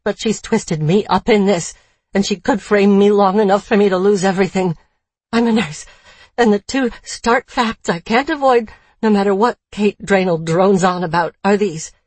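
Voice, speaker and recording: A woman narrates a dark first-person thriller in a tense, wry tone. Her mid-range voice has a husky edge. The recording is dry and close, with no room sound. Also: medium pitch, moderate pace, no echo.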